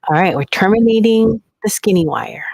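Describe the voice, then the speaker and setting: A woman's voice: mid-range voice, lively intonation, moderate pace, vocal fry, a little mellow, no echo, rough recording. Middle-aged woman from Hawaii, live-stream host, laughs easily, drifts into whispers; dry, close. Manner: chatty, laughs often, drops into whispers. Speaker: livestream host at a bead shop. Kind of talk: chatty live demo commentary. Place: bead shop workroom.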